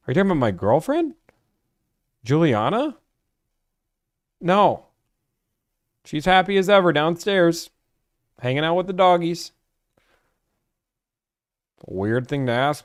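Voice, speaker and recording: A man's voice: on the high side, big pitch swings, takes it slowly, long pauses, no room sound, clean studio sound. A young man from Georgia chatting casually on a live stream about buying cars, rambling and filling his talk with "like.". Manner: rambling, full of "like" fillers.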